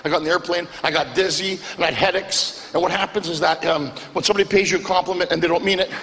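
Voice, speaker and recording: Stand-up comic, male, bright edgy high voice, animated storyteller, live club reverb. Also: fast talker. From Greek background. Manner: animated storytelling, acts out characters. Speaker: stand-up comedian. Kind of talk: stand-up comedy set. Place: comedy club stage, live audience. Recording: live venue with long reverb.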